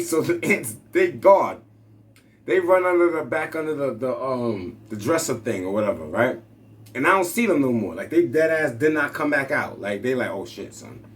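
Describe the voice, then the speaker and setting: A man telling a story in a casual, laid-back monologue, often ending lines with "right?". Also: mid-range voice. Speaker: speaker.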